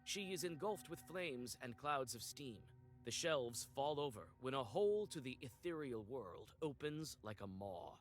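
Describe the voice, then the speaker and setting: A man narrating a dark story in second person in a measured, atmospheric manner. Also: medium pitch, expressive, faint music behind.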